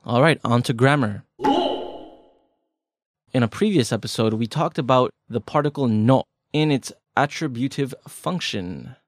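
A man co-hosting a language podcast explains grammar casually, chatting and cracking jokes in a relaxed way. His expressive mid-range voice runs a little slow, heard in studio quality without room sound.

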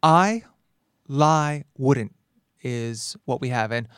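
A man hosting a language lesson podcast, explaining grammar in a lively way, laughing often and acting out dialogue lines. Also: mid-range voice, drawn-out words, smooth, dry recording, studio quality. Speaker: language teacher and host.

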